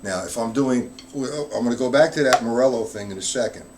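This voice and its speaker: A man's voice: mid-range voice, fairly quick, noisy background. A man teaching drum rudiments on a live stream. He explains technique step by step, counts beats aloud, and answers viewers' chat comments.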